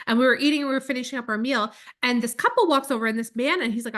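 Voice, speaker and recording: A woman in her thirties co-hosting a podcast, chatting casually and telling animated stories with lots of fillers. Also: a little high, rapid-fire. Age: 30s. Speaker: podcast co-host. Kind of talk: casual chat.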